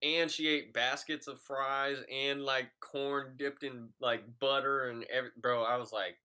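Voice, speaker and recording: A man's voice: mid-range voice, fairly even intonation, a little slow, hardly any pauses, pushed and bright, clean tone. A young man co-hosting a podcast, telling a story in a laid-back, profane, rambling way. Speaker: podcast co-host. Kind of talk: casual chat, storytelling.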